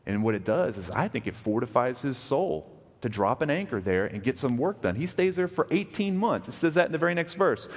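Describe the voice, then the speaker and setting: Texan pastor preaching in a reverberant hall. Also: male voice, medium pitch, big pitch swings, brisk, husky. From West Texas. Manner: conversational, asks the congregation questions. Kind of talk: sermon.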